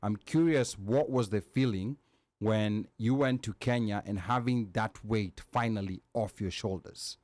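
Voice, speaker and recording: A man's voice: lowish voice, a little slow, darkish tone, no echo. A man hosting a talk show, relaying questions and comments from viewers. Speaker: host. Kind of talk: casual talk-show conversation.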